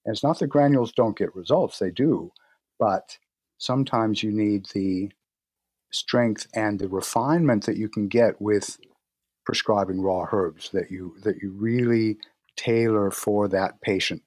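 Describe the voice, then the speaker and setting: A man guest in a conversational interview, telling stories in a relaxed way and acting out his patients' lines. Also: on the low side, measured pace, dry recording, clean studio sound. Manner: relaxed storytelling, acts out patient dialogue. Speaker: guest practitioner.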